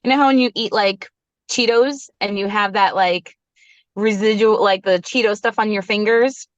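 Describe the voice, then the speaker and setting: Woman, thirties, podcast guest, candid storytelling, lively quoted lines, dry slightly muffled sound. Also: mid-range voice, normal speed, dry recording. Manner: animated, acts out her own quoted lines. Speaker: podcast guest, resilience coach.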